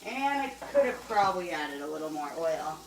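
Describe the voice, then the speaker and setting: A woman's voice: deep voice, big pitch swings, moderate pace, noisy background. Sweary woman rambling at the stove, laughs a lot, roomy kitchen sound, mic a bit far off. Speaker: cooking show host. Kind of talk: casual cooking chat. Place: home kitchen. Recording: roomy room, mic at a distance.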